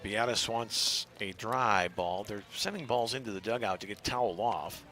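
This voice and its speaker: A man giving live play-by-play commentary on a softball game, measured and analytical, at times rising to shouts on big plays. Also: lowish voice. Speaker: play-by-play announcer.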